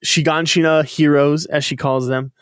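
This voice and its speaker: A man co-hosting a casual podcast, recapping an episode in an animated, profane way and acting out characters' lines. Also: on the high side, moderate pace, clear, resonant tone, no echo, clean studio sound. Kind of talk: casual chat.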